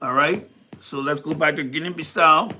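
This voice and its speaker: A man hosting a live commentary stream, animated and repetitive, talking straight to his viewers. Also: a little high, moderate pace, a little hiss or hum. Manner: animated, repeats himself, talks to viewers as folks. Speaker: commentary show host.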